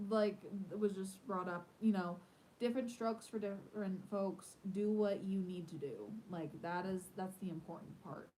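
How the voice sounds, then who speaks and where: A woman's voice: medium pitch, mellow, a little hiss or hum, low-quality recording. A woman hosting a casual live stream from home, chatting in a rambling way with lots of fillers. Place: at home in the evening.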